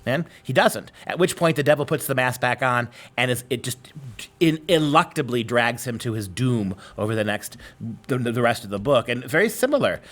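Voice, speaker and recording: Male professor, mid-range voice, lively and explanatory, conversational. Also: mid-range voice, normal speed. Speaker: literature professor. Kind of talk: conversational discussion.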